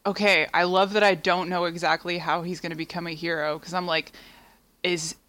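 Woman, podcast co-host, giggly, animated, bright voice. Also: on the low side. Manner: giggly, animated, quick to laugh. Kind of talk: casual chat.

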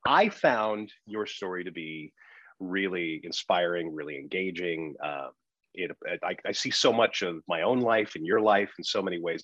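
Animated joking man, husky dry voice. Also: deep voice, no room sound, highs cut off. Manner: animated, joking, frequent restarts. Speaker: podcast producer turned interviewer. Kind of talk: casual podcast chat.

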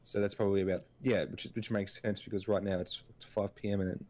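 Rambling low-voiced man chatting. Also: fairly even intonation, quick pace, darkish tone. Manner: rambling, full of filler words and restarts. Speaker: podcast co-host. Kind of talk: casual chat.

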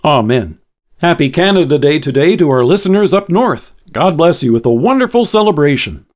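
A man delivering a scripted devotional sermon in a measured, earnest reading voice. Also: a little high, lively intonation. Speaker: devotional speaker.

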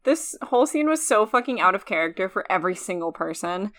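A woman's voice: medium pitch, sing-song, brisk, fairly bright tone. A woman co-hosting a podcast, retelling scenes in a profane, mocking, casual way. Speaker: podcast co-host. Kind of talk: casual chat.

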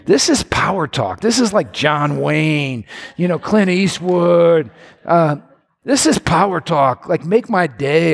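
A man preaching a sermon in an animated way, his voice climbing to near-shouts. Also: a little high, takes it slowly, gravelly. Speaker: pastor.

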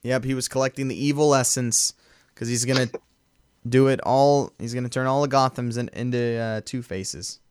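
A relaxed man co-hosting a podcast, his voice smooth and clear. He chats loosely over a movie, chuckling and drifting into fillers. The sound is close and dry, with no room around it. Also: medium pitch, moderate pace, no echo. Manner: laid-back, chuckling, trailing off with fillers. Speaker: podcast co-host. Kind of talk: casual movie commentary chat.

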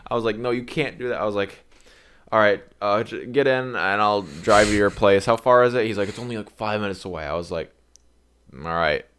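Young man, lowish voice, casual storyteller, slangy, acts out dialogue. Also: fast talker, a little hiss or hum. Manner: rambling, animated retelling with acted-out quotes; swearing, slangy. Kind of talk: casual chat.

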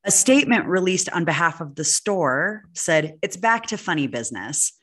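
Low-voiced woman telling a story. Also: normal speed, slightly rough. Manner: animated, swears freely, acts out quoted people. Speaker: podcast co-host. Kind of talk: casual storytelling chat.

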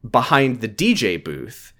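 A man's voice: medium pitch, a little slow. A man co-hosting a podcast, casually retelling scenes in a dry, profane way. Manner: profane, deadpan storytelling. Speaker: podcast co-host recapping a show. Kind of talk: casual chat, retelling scenes with quoted lines.

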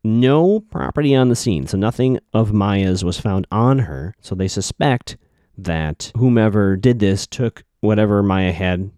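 A man's voice: on the low side, unhurried, warm tone, dry recording, clean studio sound. A man giving a casual recap of a TV episode, thinking aloud and correcting himself as he goes.

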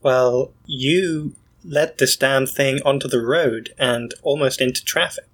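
A man voicing a calm, blunt adventurer with dry, curt replies. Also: medium pitch, takes it slowly.

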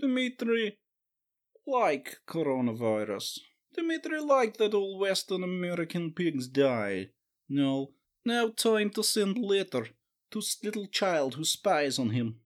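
A woman's voice: on the low side, very animated, measured pace. A woman voicing a sinister middle-aged Russian man with a put-on Russian accent, speaking broken English. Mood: gloating. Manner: broken English, gloating, menacing.

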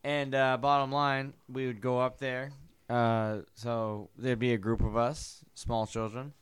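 A man's voice: mid-range voice, level tone, a little slow, clean tone. A man chatting on a podcast and telling a story in a rowdy, profane way. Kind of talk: casual chat.

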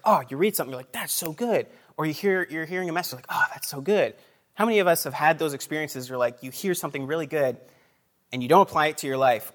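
A man's voice: on the high side, fairly bright tone. Chatty man preaching a casual sermon. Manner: conversational, chatty asides, laughs between phrases; frequent fillers and restarts.

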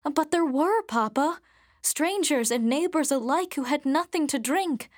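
A woman's voice: sits high, animated, unhurried, no room sound, clean studio sound, pitched above the performer's own voice. A woman doing a fervent devout young woman. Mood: pleading. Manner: fervent, pleading. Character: earnest devout young woman, eager to help. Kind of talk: storybook reading.

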